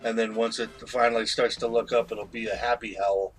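A man's voice: on the low side, little pitch movement, a little fast, faint music behind, low-quality recording. A man in his forties, co-hosting a podcast, telling rambling, profane stories in casual banter. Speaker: podcast co-host.

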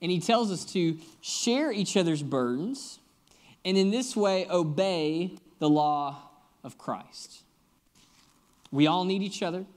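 A young man preaching a sermon, his voice sitting a little higher than most men's. He talks to the congregation like friends, joking and telling stories as he teaches. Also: lively intonation, takes it slowly, darkish tone. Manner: storytelling, joking, conversational preaching. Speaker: guest pastor.

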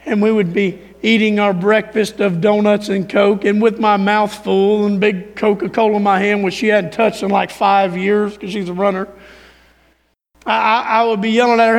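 A man preaching a sermon as a pastor, rising to emphatic points and dropping to quiet, low asides. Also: level tone, normal speed, creaky, big-room sound. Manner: preaching with swings from raised emphasis to quiet near-murmur.

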